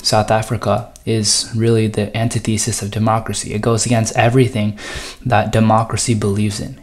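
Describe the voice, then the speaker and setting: A man's voice: fairly low pitch, a little mellow. A man tutoring through a recorded test review, explaining answers with frequent ums and you-knows and reading passages aloud.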